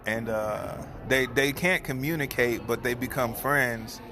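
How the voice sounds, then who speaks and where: A man's voice: mid-range voice, unhurried. A man talking in a casual, heartfelt way, rambling with restarts, who then turns to earnest prayer. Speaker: barber and host. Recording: noticeable background noise.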